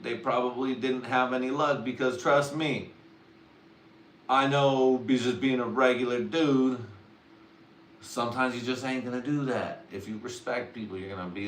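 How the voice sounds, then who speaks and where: A man's voice: mid-range voice, a bit bright. A young man hosting a livestream, telling crude comic stories in drawling slang and often laughing. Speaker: livestream host. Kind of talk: crude rambling comedic monologue. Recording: roomy echo, distant mic, faint noise.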